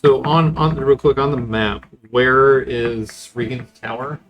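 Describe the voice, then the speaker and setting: A man playing a tabletop game, asking the game master questions in quick, halting bursts. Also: mid-range voice, steady tone, lo-fi sound. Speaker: player. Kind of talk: casual chat at a game table.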